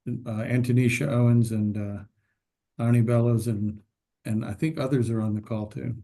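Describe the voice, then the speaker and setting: A man's voice: mid-range voice, steady tone, brisk, vocal fry, mellow. A man with a Virginia accent, a professor, introducing himself on a video call with some fillers.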